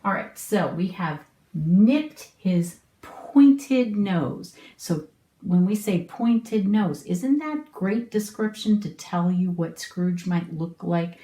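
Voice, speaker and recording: A woman's voice: on the low side, lively intonation, slow, dark tone, echoey room. A middle-aged woman teaching an online homeschool lesson, explaining patiently and asking the viewer questions.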